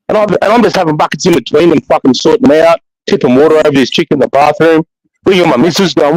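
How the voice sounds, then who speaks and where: A man with an Australian accent telling a long anecdote in casual chat, profane and animated, with many restarts. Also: a little high, fast, dry recording, rough recording. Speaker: podcast storyteller.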